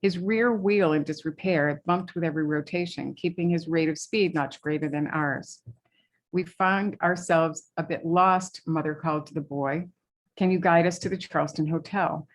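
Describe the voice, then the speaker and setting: A woman's voice: low voice, steady tone, moderate pace. A woman author from New England, reading passages from her novel at a library event, with hesitant remarks between readings.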